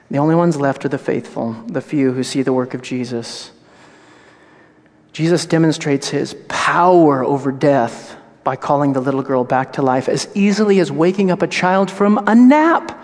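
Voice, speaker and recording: A male pastor preaching a sermon, moving from hushed, tender passages to loud, animated storytelling. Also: mid-range voice, normal speed. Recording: long reverb of a large hall.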